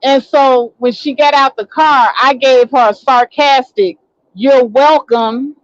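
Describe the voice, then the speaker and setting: A woman's voice: sits high, a little slow, dry recording. Indignant woman ranting in a lo-fi recording. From Chicago. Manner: indignant, ranting storyteller who acts out quotes. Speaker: online talk show host. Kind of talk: casual storytelling monologue.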